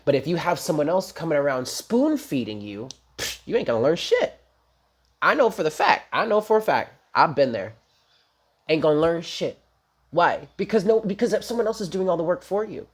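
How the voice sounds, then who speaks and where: A husky, slightly breathy voice sits at a middling pitch, belonging to a tarot reader giving a relaxed daily reading. The delivery is chatty and emphatic, blunt, with casual swearing, and it addresses viewers directly throughout. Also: moderate pace. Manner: talks straight to viewers.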